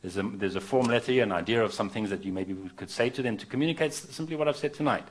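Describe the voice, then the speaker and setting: A man's voice: medium pitch, racing, few pauses, breathy edge. A man preaching earnestly to an evening gathering as a visiting speaker, urging his listeners and often restarting his sentences. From not from Australia.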